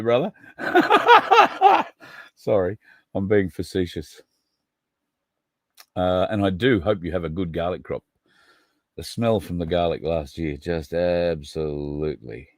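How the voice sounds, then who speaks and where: A man's voice: deep voice, no echo, clean studio sound. A man hosting a livestream, talking casually and rambling, addressing viewers by name. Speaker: podcast host.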